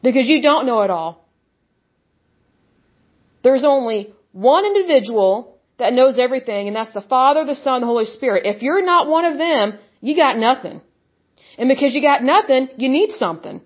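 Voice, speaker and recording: A woman's voice: high voice, lively intonation, moderate pace, highs cut off. A woman delivering an impassioned sermon, blunt and scornful, mocking the views she rejects. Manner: blunt, scornful, mocks opponents in put-on voices. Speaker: preacher. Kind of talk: impassioned religious monologue.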